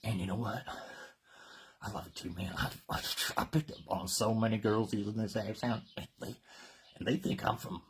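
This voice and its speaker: A man's voice: lowish voice, fairly even intonation, normal speed, slightly rough. A man from Colorado hosting a live workout, joking around in casual banter and slightly winded from exercising. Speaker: fitness host.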